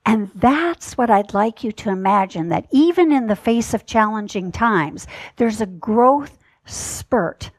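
A woman giving a spiritual sermon in a gentle, measured way, stressing words in lists. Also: medium pitch, dry recording. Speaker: minister.

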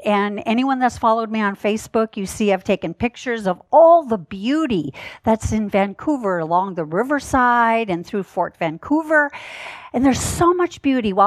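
A woman giving a spiritual sermon in a gentle, measured way, stressing words in lists. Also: fairly high pitch, no room sound. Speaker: minister.

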